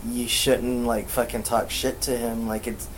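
A man casually telling a ghost story on a podcast, swearing constantly and rambling, acting out quoted lines louder. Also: medium pitch, level tone, measured pace, a little hiss or hum, low-quality recording. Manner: profane, rambling, acts out quotes loudly. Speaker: podcast co-host.

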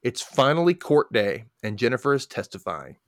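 A man hosting a casual podcast, walking through a movie plot with a lively voice that swings up and down in pitch. He drops sarcastic asides as he goes. The sound is dry and close, with no room echo. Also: normal speed. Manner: animated storyteller with sarcastic asides. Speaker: podcast host. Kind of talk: casual movie recap chat.

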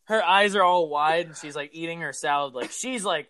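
A young man co-hosting a podcast, telling a story in casual chat, animated and profane, acting out his own anger. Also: a little high, a little fast, few pauses, a loud crowd. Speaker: podcast co-host.

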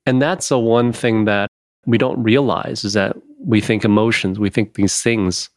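A man hosting a podcast in casual chat, animated, laughing often and swearing freely. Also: on the low side, measured pace, dry recording, studio quality.

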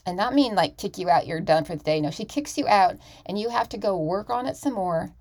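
Woman, podcast host, solo chat; candid and emphatic delivery with restarts, some vocal fry, mid-range pitch. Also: lively intonation, fairly quick, a little mellow. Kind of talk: casual solo podcast monologue.

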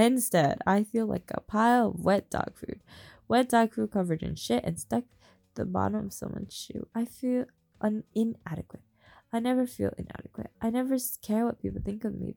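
A woman reading a steamy novel aloud in a deliberate monotone, breaking off for chatty joking asides, recorded on a phone. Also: medium pitch, gravelly. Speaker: reader of romance novels. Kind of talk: deadpan comedic reading.

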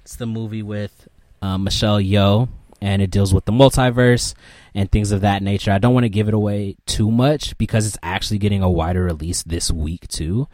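A laid-back young man co-hosting a podcast. His voice sits on the low side, and he talks in a relaxed, profane way. The sound is close and dry. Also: no room sound. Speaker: podcast co-host. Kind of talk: casual chat.

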